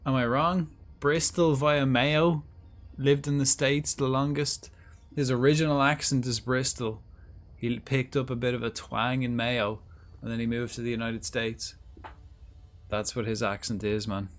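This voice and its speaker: Male game streamer, mid-pitched, loose and rambling casual chat. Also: steady tone, a little slow. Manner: rambling, chatty, thinks aloud with restarts. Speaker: livestreamer playing a game. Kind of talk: casual gameplay commentary.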